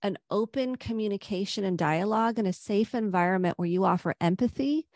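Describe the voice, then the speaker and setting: A middle-aged woman psychotherapist, a podcast guest, gives earnest, gentle advice on parenting and anxiety. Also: mid-range voice, a little fast, no echo. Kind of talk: podcast interview.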